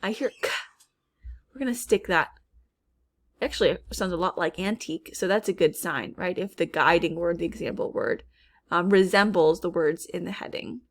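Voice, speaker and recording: A woman teacher leading a recorded spelling lesson, slowly repeating each word and sounding out its parts. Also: fairly low pitch, vocal fry.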